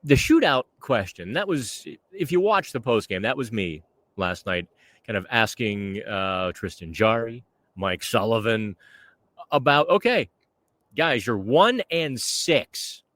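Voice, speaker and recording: A man's voice: fairly low pitch, lively intonation, unhurried, fairly bright tone, no room sound. A man hosting a casual podcast outdoors by the water, talking chattily to the camera. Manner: chatty, conversational. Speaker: podcast host.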